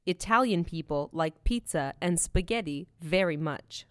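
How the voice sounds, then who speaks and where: A woman's voice: on the low side, lively intonation, measured pace, smooth, no echo, clean studio sound. A woman voicing friendly girls from Arabia, Italy and Russia, explaining simply in a scripted language-lesson dialogue.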